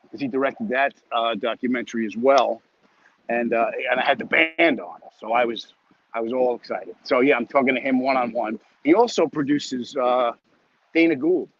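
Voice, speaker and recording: A man's voice: medium pitch, dull audio. A comedian chatting casually with viewers and reading their comments as he walks home, a bit winded, talking into a phone. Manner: rambling, joking, chatty. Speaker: comedian hosting a weekly live chat. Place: outdoors, walking home.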